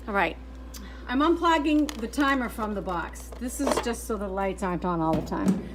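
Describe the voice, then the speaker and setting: An older woman with a medium-pitched, lively voice films a casual home-repair vlog on a phone held at arm's length in selfie mode, rambling frankly at a normal pace as she moves between house, yard and garage. The background is noisy.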